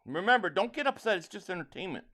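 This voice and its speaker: A Philadelphia livestream host and football fan talks in a high-pitched voice at a quick pace. During his live watch-along, he eagerly calls plays, reads viewers' chats, and stammers on his restarts.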